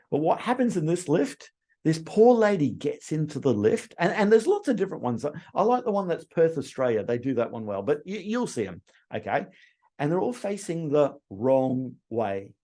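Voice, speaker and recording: A male sales trainer giving a lively training talk, acting out bits of customer dialogue as he teaches. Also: sits high. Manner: animated, acts out customer dialogue.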